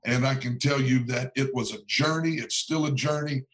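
A man's voice: medium pitch, fairly even intonation, normal speed, fairly bright tone, poor audio. A man, a pastor and author, talking as a podcast guest in an earnest, sermon-like cadence with frequent repetitions. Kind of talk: preaching-style podcast talk.

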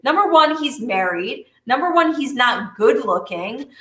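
A woman co-hosting a podcast in casual chat, animated and exasperated, talking with plenty of fillers. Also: a little high, unhurried, reverberant, slight background noise. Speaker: podcast co-host.

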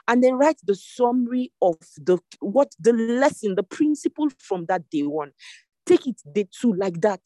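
Over a video call, a devotion leader preaches an online sermon, repeating exhortations with emphasis. The mellow voice sits at a middling pitch, and the sound is dry with no room echo.

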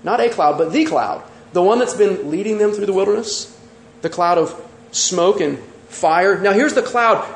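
A man preaching a sermon as pastor, animated and full of rhetorical questions. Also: high voice, normal speed, reverberant.

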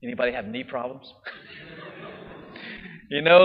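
A man's voice: medium pitch, a little slow, pauses often. A man preaching a sermon in a church, in a conversational way, often checking in with "right?". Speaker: priest. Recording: dull echoey church recording.

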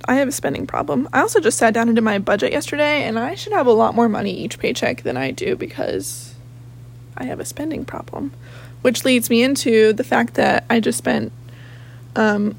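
A young woman hosts her own podcast, recording at home in her office. Her voice is slightly high with a gravelly, raspy edge, and she rambles in casual chat, swearing freely and jumping from one thought to the next.

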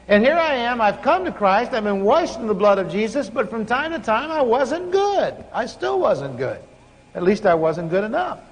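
A man preaching a sermon, telling a personal story and acting out his conversation with God in an animated way. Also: extremely high pitch, moderate pace. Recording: long hall reverb.

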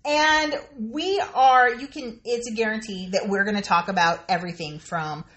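A woman's voice: mid-range voice, moderate pace, a bit bright. A woman co-hosting a podcast, chatting candidly and swearing freely. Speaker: podcast co-host. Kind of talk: casual chat.

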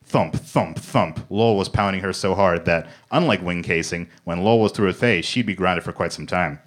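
A man reading comic fiction aloud in a mock-serious deadpan on a comedy club stage. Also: low-pitched, brisk. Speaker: comedy reader.

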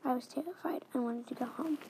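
A young female reader reading her own story aloud in the first person, halting and restarting phrases as she reads. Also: high voice, mellow, poor audio. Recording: faint background noise.

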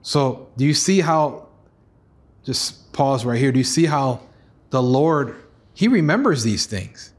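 A man preaching a sermon as pastor, earnest, acting out voices with sudden rises in pitch. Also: takes it slowly. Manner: earnest preaching, acts out God's pleading voice, rises high for excited lines.

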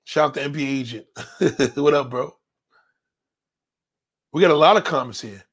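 A man's voice: medium pitch, moderate pace, fairly bright tone, slightly rough. A man hosting a show, reading viewer comments and answering them in a blunt, confrontational rant full of swearing. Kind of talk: profane ranting commentary.

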